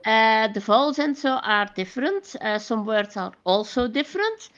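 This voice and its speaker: A woman's voice: fairly high pitch, animated, normal speed, fairly bright tone. Woman on dull lo-fi audio. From Flanders, Belgium. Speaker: panelist.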